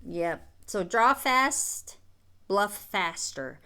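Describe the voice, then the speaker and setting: A woman co-hosting a casual chat, animated and given to playful exclamations. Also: mid-range voice, very slow, smooth. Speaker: co-host.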